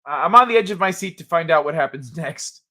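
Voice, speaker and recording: A man hosting a live stream who chats casually with his viewers and jokes his way through their comments. His voice is fairly high and bright with a forceful edge, and he laughs often. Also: fast talker. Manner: jokey and animated, laughs often.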